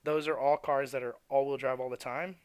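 A man's voice: medium pitch, steady tone, fairly quick, clean tone, no room sound. A man who works at a tire shop, ranting bluntly and cursing about rude customers. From Florida. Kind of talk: profane venting rant.

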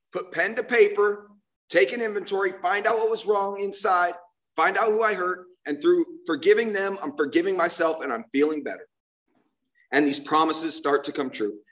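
A man's voice: high voice, fairly bright tone. A man sharing his personal recovery story at a meeting, earnest and emotional, often restarting his sentences and saying "man, you know what I mean.".

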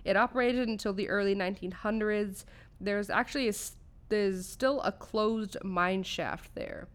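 A woman's voice: mid-range voice, normal speed. A young woman from California co-hosting a podcast, casually telling a ghost story, swearing freely and tripping over names. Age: young adult. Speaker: podcast co-host.

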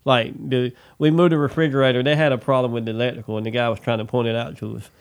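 A man, telling a rambling work story in casual chat, animated and swearing freely. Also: mid-range voice, fast talker. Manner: animated, swears freely, says "dude" a lot.

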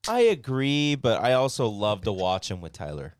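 A man's voice: medium pitch, sing-song, normal speed, dry recording. A man on a casual podcast, agreeing with the others and swearing casually. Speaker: podcast guest.

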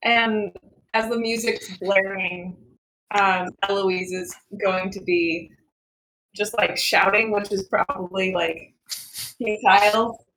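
A woman's voice: medium pitch, steady tone, takes it slowly, a bit bright. A woman playing a tabletop game, describing her character's actions with fillers. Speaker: player.

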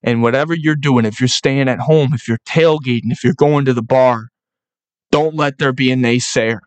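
A man's voice: mid-range voice, steady tone, moderate pace, no echo. Young new guy hyping up fans on his podcast, swears a lot, super fired up, dry close sound. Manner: fired-up, profane, rallying. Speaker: podcast host. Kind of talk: solo sports podcast pep talk.

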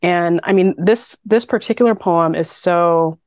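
Woman, very low pitch, casual podcast chat, rambling with fillers, dry close sound. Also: a little slow, a little mellow, dry recording. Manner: chatty, thinks aloud with many fillers. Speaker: podcast co-host. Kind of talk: casual chat about poetry.

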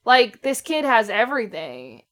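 A young woman co-hosting a horror podcast, chatting casually and joking with quick asides. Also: a little high, big pitch swings, fairly bright tone. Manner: joking, swearing, fast asides. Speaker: podcast co-host. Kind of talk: casual chat over a horror film.

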